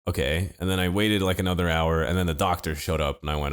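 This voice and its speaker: Deep-voiced man telling a wry story. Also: fast, hardly any pauses, clean tone. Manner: deadpan, laid-back storytelling with wry asides. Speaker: podcast co-host. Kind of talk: casual comedic storytelling.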